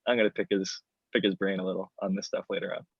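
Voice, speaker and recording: Podcast host, low flat voice, long measured questions, dry muffled audio. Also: male voice, breathy edge, dry recording. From Michigan, USA. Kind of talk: casual interview chat.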